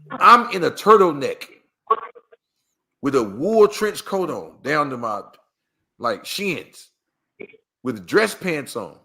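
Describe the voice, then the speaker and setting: Male storyteller from LA, fairly high voice, animated, acts out quotes. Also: creaky. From Los Angeles. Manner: acts out quoted voices, slang-heavy, rhetorical asides. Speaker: guest storyteller. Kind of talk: animated storytelling in casual chat.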